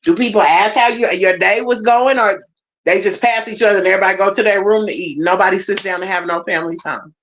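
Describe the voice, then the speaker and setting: A woman's voice: mid-range voice, quick pace, fairly bright tone. Emphatic woman preaching, lo-fi. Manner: emphatic, repeats phrases, talks directly to the congregation. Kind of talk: sermon.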